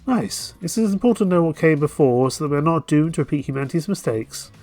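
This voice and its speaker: A man's voice: on the high side, lively intonation, brisk, a little mellow, soft background music. A man streaming a game, joking and self-deprecating in casual commentary.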